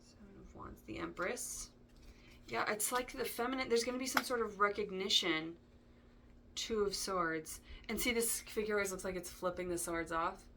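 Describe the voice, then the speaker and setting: A woman's voice: mid-range voice, moderate pace, noisy background. A woman giving a casual tarot reading, chatty and digressive, with frequent ums and asides. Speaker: tarot reader.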